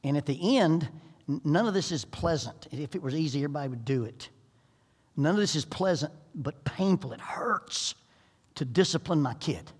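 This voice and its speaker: Middle-aged man, preacher, folksy and joking, slightly high voice, long church reverb. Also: brisk. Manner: folksy, humorous, animated storyteller. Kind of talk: sermon. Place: church sanctuary. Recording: echoey church hall.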